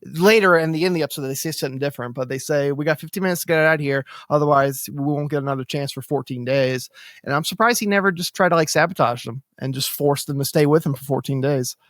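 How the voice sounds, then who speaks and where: A man's voice: a little high, fast talker, fairly bright tone, dry recording, studio quality. A man co-hosting a podcast, rambling casually with lots of fillers and restarts. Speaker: podcast co-host. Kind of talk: casual chat.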